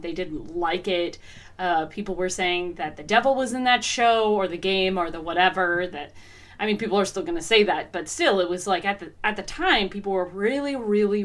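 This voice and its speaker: Woman co-host, mid pitch, reflective and hesitant. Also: fairly bright tone. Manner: thoughtful, many ums. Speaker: podcast co-host. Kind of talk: casual podcast chat.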